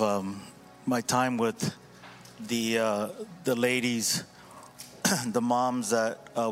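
Male pastor, mid-range voice, earnest, halting delivery with fillers. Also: medium pitch. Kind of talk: sermon reflection before communion.

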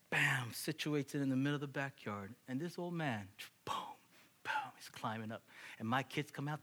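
A man in his thirties preaching, telling a story and acting out the dialogue, often dropping to a whisper for emphasis. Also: mid-range voice. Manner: animated, acts out dialogue, drops to whispers for emphasis. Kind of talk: sermon illustration storytelling.

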